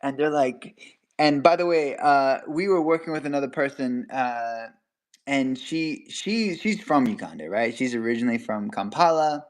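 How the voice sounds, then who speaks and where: A young man spins an animated story during casual talk at a moderate pace, laughing throughout and jumping suddenly up or down in pitch whenever he acts out what someone said.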